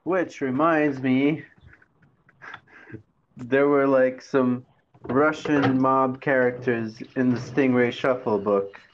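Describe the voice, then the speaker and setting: A man's voice: medium pitch, steady tone. A man chatting casually with a friend, laid-back and heavy on fillers. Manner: laid-back, drawn-out speech with many fillers. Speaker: friend on a call. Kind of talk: casual chat. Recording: dull lo-fi sound with faint noise.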